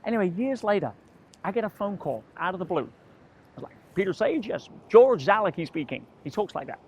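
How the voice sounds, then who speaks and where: A man's voice: high-pitched, big pitch swings, fairly quick, darkish tone, slightly rough. A man, a motivational speaker, telling a personal story to camera and acting out the dialogue in quoted voices. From England.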